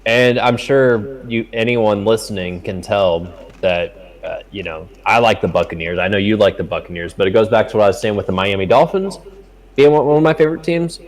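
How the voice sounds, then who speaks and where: A man's voice: on the low side, a little fast, poor audio. A young man co-hosting a casual sports betting chat, swearing often and telling stories animatedly. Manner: profane, animated storytelling. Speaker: podcast co-host.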